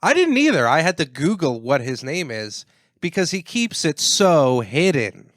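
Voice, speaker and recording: Male comedy podcast co-host, mid pitch, rambling conspiracy riffs, dry close mic. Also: sing-song, measured pace, a bit bright, dry recording. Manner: rambling, laughs along, builds conspiracy jokes. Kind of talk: casual comedic banter.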